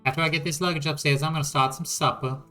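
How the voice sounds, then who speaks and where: A man's voice: on the high side, steady tone, fast talker, pushed and bright, faint music behind. A man voicing a busy, bossy male lodge keeper with a put-on Canadian accent and a folksy manner. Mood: brusque.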